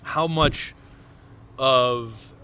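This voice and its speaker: A man's voice: mid-range voice, extremely slow, sharp tone, slight background noise. A man interviewing a guest, asking long, hedged, rambling questions. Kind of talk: conversational interview.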